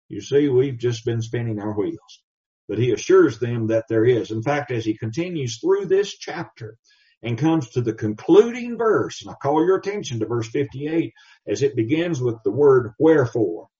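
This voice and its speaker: A man's voice: medium pitch, warm tone. Male preacher, emphatic scripture reading, distant muffled recording. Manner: emphatic, reads scripture slowly in old English. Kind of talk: sermon.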